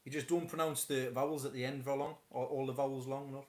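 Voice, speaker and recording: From his home, a man hosts a casual live-stream chat in a fast, flat, mid-range voice with a darkish tone. He rambles on, stammering and restarting his sentences many times.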